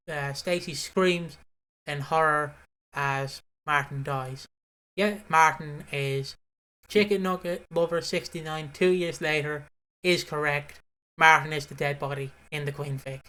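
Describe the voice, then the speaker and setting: A podcast co-host from the UK, recapping a soap episode in a casual, unhurried way with some fillers. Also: mid-range voice, fairly bright tone. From United Kingdom.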